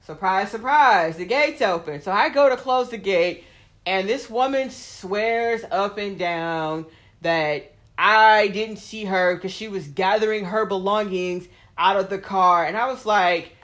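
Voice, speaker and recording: A woman talks casually as a host, spinning a story with blunt, profane asides. She fills her sentences with "like" and slips into lively voices when she acts out what others said. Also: mid-range voice, unhurried. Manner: blunt, profane, vents with heavy "like" fillers; acts out quoted people in animated voices.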